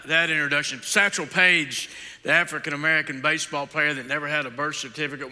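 A middle-aged man preaching a sermon in a large church, his voice bright and cutting with a touch of height to it. He talks in a folksy way, tosses in jokes and keeps asking his listeners questions. A long reverb trails behind every phrase. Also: fairly high pitch. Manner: folksy, joking asides, asks the audience questions. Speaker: guest preacher.

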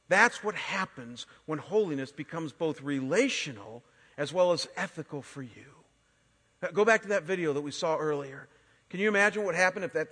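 A man in his forties, a pastor preaching a sermon and telling stories in an animated way, often restarting his words. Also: high voice. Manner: animated storytelling with frequent word restarts. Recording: long hall reverb.

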